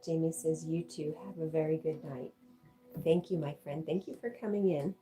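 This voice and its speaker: Mellow low-voiced woman hosting a livestream. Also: steady tone, normal speed, soft background music, rough recording. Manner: reads viewer comments aloud and chats with her dog. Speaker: livestream host. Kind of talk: casual livestream chat.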